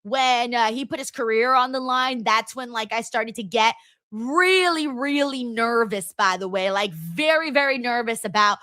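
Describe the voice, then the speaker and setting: A woman's voice: on the high side, normal speed, sharp tone, dry recording. A woman in her twenties hosting a casual livestream chat, bubbly and giggly, repeating words for emphasis. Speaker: livestream host reading chat.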